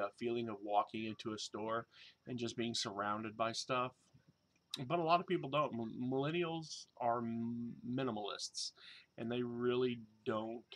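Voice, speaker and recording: A man in his thirties chatting casually in a vlog, rambling and joking, with lots of fillers and restarts. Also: mid-range voice. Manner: louder and excited when showing toys. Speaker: vlogger and toy reseller.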